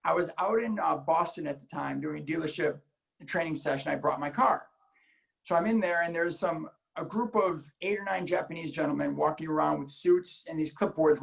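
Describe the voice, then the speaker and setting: A man from Illinois telling a story in casual chat, animated and acting out the voices he quotes. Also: a little high, vocal fry, poor audio. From Illinois, United States. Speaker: guest car enthusiast.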